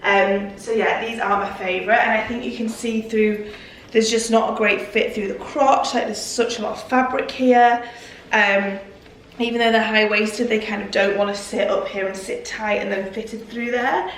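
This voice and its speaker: A woman's voice: mid-range voice, steady tone, moderate pace, a bit bright. A young woman chatting casually in a try-on vlog, repeating "really" for emphasis. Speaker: fashion vlogger. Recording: roomy and distant with faint noise.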